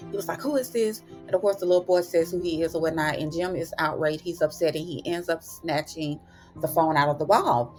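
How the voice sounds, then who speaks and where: A woman's voice: low voice, fairly even intonation, a little fast, a little mellow, faint music behind. A woman host casually recapping TV episodes, chatty and folksy, calling listeners "honey" and "child".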